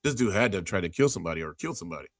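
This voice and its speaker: A man's voice: deep voice, lively intonation, rapid-fire, no room sound, studio quality. A man hosting a podcast in casual chat, rambling through stories and acting out the people in them. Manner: rambling storyteller who acts out quotes, many restarts. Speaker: podcast host.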